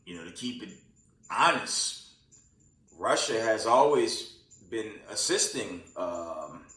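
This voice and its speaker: A man's voice: lowish voice, animated, takes it slowly, bright, forceful tone. Tired man, roomy distant sound. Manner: rambling, many fillers and restarts, calls listeners "family" and "man". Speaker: host of a news commentary channel. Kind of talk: casual news commentary with prophecy talk. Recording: roomy sound, away from the mic.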